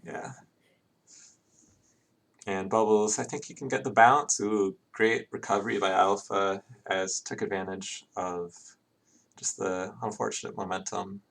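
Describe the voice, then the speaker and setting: A man's voice: on the low side, steady tone, measured pace, gravelly, fairly bright tone. A man doing live play-by-play commentary on an online game, chatting casually between plays. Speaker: esports commentator.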